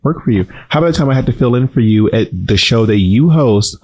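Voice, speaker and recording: A man co-hosting a casual chat, teasing his co-host with quick back-and-forth questions, his voice held soft and quiet as he recovers from voice strain. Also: medium pitch, lively intonation. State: recovering voice, talking softer than usual. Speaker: podcast co-host.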